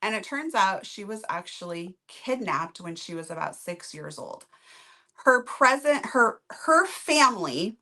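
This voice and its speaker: A woman's voice: medium pitch, animated, unhurried, sharp tone. A woman co-hosting a book review channel, chatting casually and upbeat while summarizing a book.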